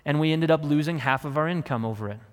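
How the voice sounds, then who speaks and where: A man in his thirties preaching a sermon as a pastor, earnest, repeating his questions and slowing down on key words. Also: on the high side. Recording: long hall reverb.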